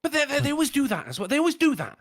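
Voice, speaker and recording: A British man chatting on a podcast with a voice that swings freely up and down. He swears a lot and laughs easily, his delivery loose and animated. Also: very high-pitched, very fast. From Britain. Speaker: podcast co-host. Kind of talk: casual chat.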